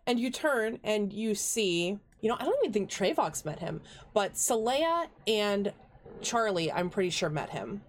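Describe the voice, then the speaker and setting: A woman's voice: mid-range voice, sing-song, measured pace. A woman narrating as game master, chatty and meandering, with many fillers.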